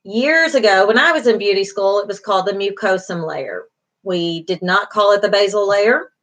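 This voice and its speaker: A woman's voice: mid-range voice, moderate pace, a bit bright. Woman teaching a skin lesson. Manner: encouraging, repeats key terms, many fillers. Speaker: beauty school instructor. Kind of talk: online class lecture.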